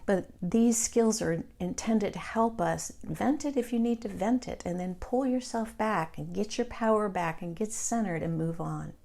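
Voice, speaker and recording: A middle-aged woman, leading a meditation group in a calm, reflective and candid way. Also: mid-range voice, normal speed, gravelly, few pauses. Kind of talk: meditation class talk.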